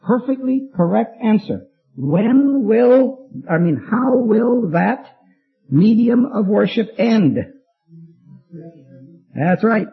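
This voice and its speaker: A preacher with a high, very husky voice leads an evening Bible study, talking conversationally and quizzing his listeners. The sound is tinny and narrow like a phone line, with faint music underneath. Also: animated, slow, pauses often. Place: church meeting room.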